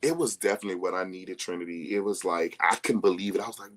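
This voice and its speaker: Guest: young man, low-pitched, chatty storyteller who laughs easily. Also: fast. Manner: animated storyteller who laughs often and acts out quoted people. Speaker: interview guest. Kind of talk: casual live-stream chat.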